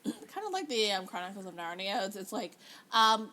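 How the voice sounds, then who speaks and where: A woman's voice: mid-range voice, expressive, normal speed, bright, forceful tone. A young woman co-hosting a podcast, joking and rambling in casual chat. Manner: joking, rambling, trails off and restarts. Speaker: podcast co-host.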